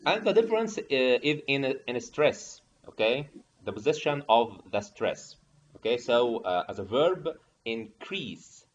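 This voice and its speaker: A man leads a pronunciation lesson at an unhurried pace, his pitch rising and falling as he explains. He keeps stopping to check in with "okay?". The recording is dull and muffled, with a faint hiss underneath. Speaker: teacher trainer. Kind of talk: online training lesson.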